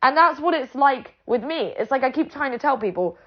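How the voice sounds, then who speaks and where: Woman, British accent, higher voice, sarcastic profane vlog rant, dull lo-fi audio. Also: animated, a little fast. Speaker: vlogger. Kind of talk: ranting monologue.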